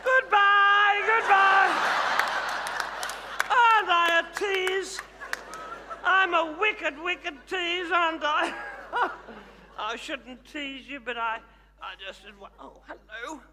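Speaking slowly in an exaggerated, very high-pitched voice, a man plays a showy older Australian woman who sees herself as a glamorous megastar. He teases the audience with over-the-top endearments in a live stage comedy. Long theatre reverb and a noisy crowd fill the recording.

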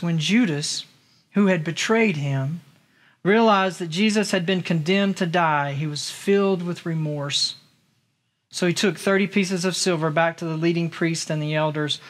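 A man's voice: fairly high pitch, fairly even intonation, moderate pace. A male pastor preaching a sermon to his congregation, talking conversationally and asking them rhetorical questions. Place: church in Las Vegas.

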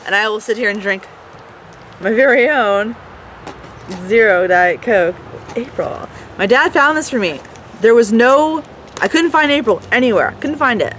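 A woman's voice: fairly high pitch, expressive, unhurried, fairly bright tone, a little hiss or hum. A woman giving a goofy, bubbly product review and swearing casually. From Canada. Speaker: beauty vlogger.

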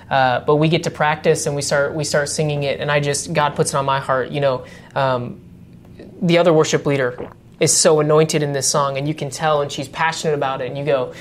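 Brief: young adult male worship leader, radio co-host, earnest and reflective, pauses to find words. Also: fairly high pitch, fairly even intonation, a little hiss or hum. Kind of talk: casual devotional radio chat.

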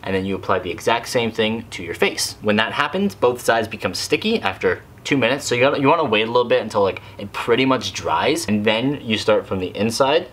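Casting: young man, slightly low voice, casual rambling vlog review delivery. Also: animated, a little fast, few pauses, a bit bright. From Canada. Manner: chatty, rambling, lots of "like" fillers. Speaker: cosplay vlogger reviewing a mask.

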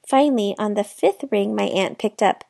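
A woman reading a children's novel aloud with clear storytelling narration. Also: mid-range voice, normal speed, warm tone, dry recording, studio quality. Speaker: children's book reader.

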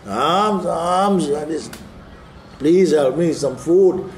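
A man voicing a poor widowed mother who begs on the street, in a high, pleading, anxious voice, while telling a story. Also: extremely slow, a little hiss or hum.

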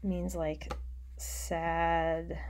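A woman teaching a recorded poetry lesson, explaining patiently and muttering quiet asides to herself while she annotates on screen. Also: fairly low pitch, level tone, drawn-out words.

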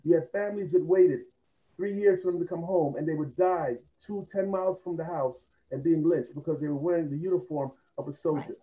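A man's voice: fairly high pitch, a little fast, muffled recording. A man on a panel, telling history with growing passion. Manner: impassioned storytelling. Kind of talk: panel discussion.

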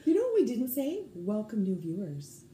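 Woman podcast co-host, animated pitch, mellow tone, agreeable, echoey room. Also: moderate pace. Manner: agreeable, enthusiastic, hesitant fillers. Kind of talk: casual chat. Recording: roomy room echo.

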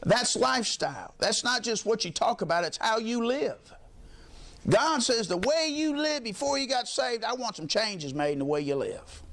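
High-voiced preacher man. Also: fairly bright tone. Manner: folksy storytelling, colloquial preaching with frequent amens. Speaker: pastor. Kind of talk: sermon.

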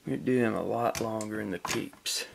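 A man's voice: fairly low pitch, fairly quick, gravelly, background noise. A man hosting his own microwave experiment show from a home kitchen, talking casually in a playful, self-mocking way.

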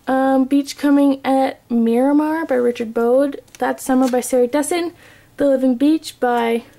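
A woman's voice: sits high, mellow. A young woman vlogger chatting casually as she reads off book titles and authors. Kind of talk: casual bookshelf tour vlog.

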